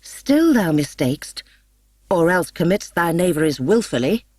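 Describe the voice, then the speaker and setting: A commanding male fairy king speaks in slow, deliberate measures, voiced by a woman reading a storybook. The voice sits low for a woman, dark and grave, and sounds dry and close with no room around it. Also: big pitch swings, dry recording. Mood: vexed.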